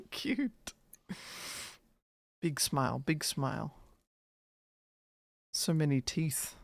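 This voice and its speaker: A woman streamer with a low, gravelly voice chats in a playful, teasing and goofy way. She talks slowly, and the sound is dry and close on a desk mic. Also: expressive, dry recording. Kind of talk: casual live-stream chat.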